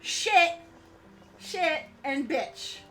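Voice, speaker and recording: A woman's voice: sits high, lively intonation, extremely slow, music in the background. A woman from New Jersey streaming live in a casual chat, cursing often and restarting her sentences. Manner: frustrated, swears freely, lots of restarts.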